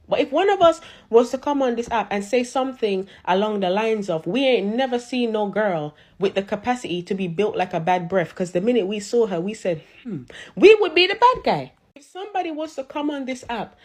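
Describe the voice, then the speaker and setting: A woman's voice: a little high, darkish tone. A woman ranting on social media, sassy, mocking and sarcastic. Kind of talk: roasting rant.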